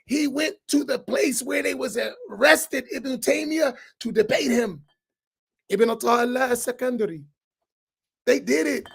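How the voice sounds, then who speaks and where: A man, preaching to an audience on a roundtable. He is loud and challenging, and he repeats phrases for emphasis. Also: very high voice, a little slow, creaky, slightly rough. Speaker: imam on a roundtable.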